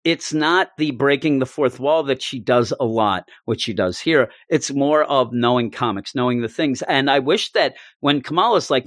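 Dry-sounding man, animated comics chat. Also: mid-range voice, moderate pace, hardly any pauses, no room sound. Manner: animated, acts out characters' lines in raised voice. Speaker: comics podcast co-host. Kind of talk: casual chat.

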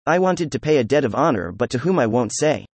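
An excitable young nobleman, read by a man in a steady mid-range voice, effusive and proud as he pushes back against his questioners. The sound is dry and close, with no room around it. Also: medium pitch, fast talker, slightly rough, dry recording. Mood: defiant. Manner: effusive, emphatic, laughing.

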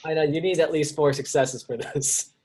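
A man's voice: on the high side, steady tone, moderate pace, darkish tone, slightly rough. Laid-back man narrating as game master.

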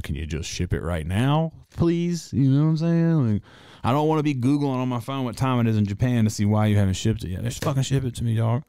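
A man who runs a tattoo shop, hosting a casual monologue and telling a story in a profane, animated way. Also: medium pitch, smooth, no echo, clean studio sound. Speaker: podcast host.

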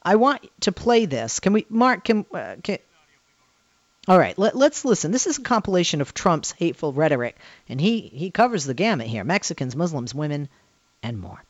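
A woman's voice: fairly low pitch, moderate pace, no echo, lo-fi sound. Southern lady hosting call-in radio, emphatic, lots of repeats, dry close studio mic. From Southern United States. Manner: emphatic, animated, repeats herself. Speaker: radio talk show host.

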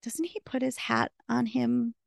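A woman's voice: a little high, a little slow, creaky, no echo, studio quality. A woman co-hosting a podcast, chatting casually and recounting scenes with quoted dialogue. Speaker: podcast co-host. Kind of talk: casual recap chat.

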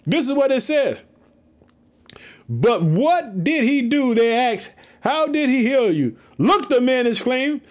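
Male preacher with a high voice, animated and casual, reads and comments on scripture, reaching for his listeners. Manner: animated, talks straight to listeners, repeats phrases, casual slang; swings between raised, quick bursts and low, slow asides. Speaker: preacher reading and explaining scripture. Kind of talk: lively Bible reading with commentary.

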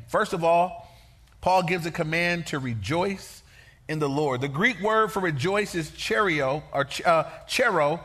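High, bright-voiced folksy pastor. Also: male voice, a little slow. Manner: lively, folksy, conversational preaching. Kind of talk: sermon.

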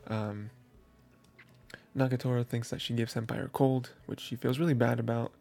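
A man's voice: medium pitch, little pitch movement, normal speed, creaky, mellow. A man hosting an anime review show, rambling through a casual recap with lots of fillers and laughs. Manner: rambling, filler-heavy, laughs while recounting.

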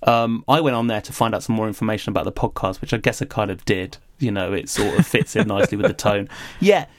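A man's voice: fairly low pitch, fast talker, no room sound, clean studio sound. A man, co-hosting a podcast, talking thoughtfully and animatedly with some laughter. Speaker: podcast co-host. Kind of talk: casual podcast review chat.

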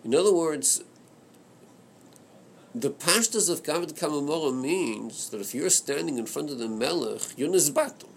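A man teaching a religious study class, reasoning aloud with hesitant stops and repeated words. His pitch rises and falls in a lively way, with a gravelly edge. A faint hiss sits behind him. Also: normal speed. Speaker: Chassidic text teacher. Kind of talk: Torah study class discussion.

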